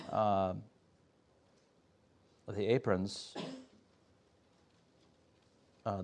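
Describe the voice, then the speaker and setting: A man teaching a Sunday school Bible class, explaining step by step in an earnest way with frequent pauses. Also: mid-range voice, a little mellow.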